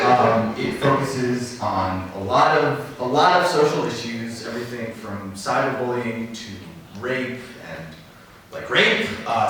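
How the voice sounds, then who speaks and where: Young guy doing standup, lots of ums and likes, pitch bouncing all over, really echoey room, mic far off. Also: fairly bright tone. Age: young adult. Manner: rambling, filler-heavy, offhand. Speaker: stand-up comedian. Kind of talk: stand-up comedy set. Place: black-box theater stage. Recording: echoey stage audio from a distant mic.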